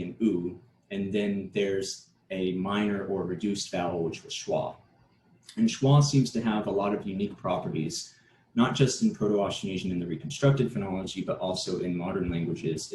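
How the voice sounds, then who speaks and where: Man, academic presenter, measured and explanatory, warm low voice, roomy recording with faint hum. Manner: measured, explanatory, with frequent fillers and restarts. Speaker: conference presenter. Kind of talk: academic conference talk.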